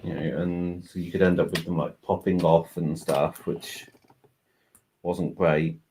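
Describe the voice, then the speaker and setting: On a home livestream with faint background noise, a man co-hosts in a low-pitched, somewhat mellow voice that's a little slow and fairly even. He builds as he talks, explaining at length in a casual way with plenty of "you know."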